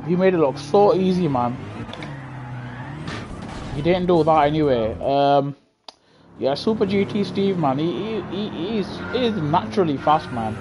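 Streaming a racing game over a gaming headset, this man keeps up slangy, chatty live commentary for his viewers and himself. His fairly high voice is animated, yet he keeps a measured pace with frequent pauses, against a noisy background.

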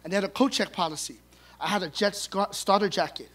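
A middle-aged man telling funny, animated stories at a memorial service, acting out the dialogue. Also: high voice, fast. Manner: humorous, animated, acts out dialogue. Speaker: son giving a eulogy. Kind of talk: storytelling eulogy at a memorial service.

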